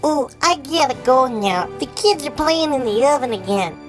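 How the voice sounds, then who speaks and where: A man's voice: extremely high pitch, animated, moderate pace, faint music behind, voice pushed up. A man voicing a ditzy, folksy woman politician with a put-on drawl that loops her catchphrase. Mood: chirpy. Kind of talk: comedic impression.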